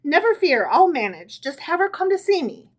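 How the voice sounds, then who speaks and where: A woman's voice: extremely high pitch, sing-song, moderate pace, voice pushed up. A woman reading aloud voices a haughty, condescending rabbi's wife from a folk tale. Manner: condescending, loud.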